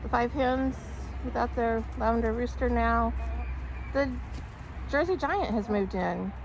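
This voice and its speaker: A woman vlogging casually outdoors in her backyard, cooing at her pets and turkeys in high baby talk. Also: measured pace, background noise. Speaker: backyard poultry keeper vlogger. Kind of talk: casual vlog chat.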